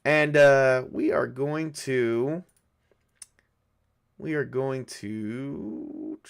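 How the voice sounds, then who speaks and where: A man's voice: medium pitch, fairly even intonation, drawn-out words, gravelly, clear, resonant tone. A man narrating a solo tabletop game as game master, thinking aloud as he rolls dice. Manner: rambling, thinks aloud while rolling dice.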